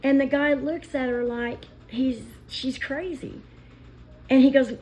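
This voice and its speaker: A woman vlogger telling stories in an emotional, indignant rant, pausing as she speaks. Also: fairly high pitch, fairly even intonation, darkish tone, slight background noise, poor audio. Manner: indignant, impassioned storytelling with pauses. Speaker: commentary vlogger.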